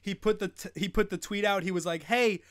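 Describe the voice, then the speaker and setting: Rambling high-voiced young man host. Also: fairly even intonation, fairly quick. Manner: rambling, joking, sings snippets, laughs often. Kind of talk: casual live-stream chat.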